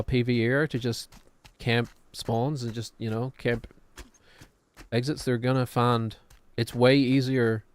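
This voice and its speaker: A man's voice: mid-range voice, darkish tone, clear, resonant tone. A man, chatting casually and rambling while he streams a game. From New Zealand. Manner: rambling, musing, self-deprecating. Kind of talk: casual gameplay chat.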